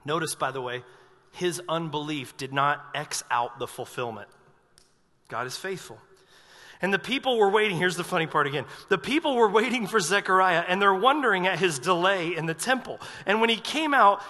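A male pastor delivering a sermon with humor and animated storytelling. His voice is high and bright, and it rings with a long reverb through a large church sanctuary. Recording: reverberant hall.

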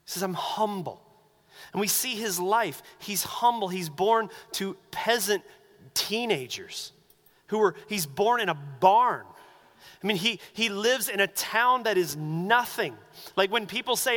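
A man preaching a sermon as pastor, animated and acting out the voices he quotes. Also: high voice, a little slow, in a large hall.

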